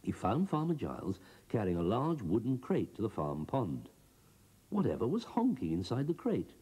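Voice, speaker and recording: A man giving a scripted children's storybook narration, expressive and bouncing between character voices. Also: on the low side, moderate pace, slightly rough.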